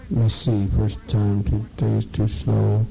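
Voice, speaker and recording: A man leading a program and addressing a group informally, halting and repeating words for emphasis. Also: on the low side, monotone, vocal fry, warm tone, faint music behind, low-quality recording.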